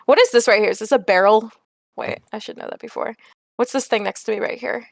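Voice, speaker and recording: A woman's voice: on the high side, fast, gravelly, dry recording. A woman playing a tabletop game, casual and playful with stammering fillers. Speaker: player.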